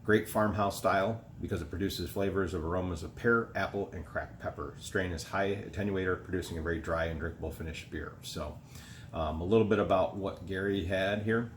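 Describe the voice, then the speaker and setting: A man with a slight country accent, reviewing a homebrewed beer in a relaxed, rambling way with many fillers. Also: low-pitched, fairly quick, a little hiss or hum. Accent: rural American. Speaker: homebrewing video host.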